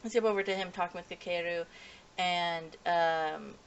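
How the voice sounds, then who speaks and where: A woman with a slightly low voice talks through an anime episode off the cuff. She rambles, corrects herself mid-sentence, leans on fillers and keeps breaking into small chuckles. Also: steady tone, normal speed, clean tone, muffled recording. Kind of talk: casual unscripted review.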